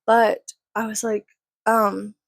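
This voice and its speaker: A woman's voice: mid-range voice, level tone, takes it slowly, creaky, no room sound. A woman, ranting in a heated, sweary, rambling way. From San Antonio, Texas. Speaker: vlogger. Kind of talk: profane casual rant.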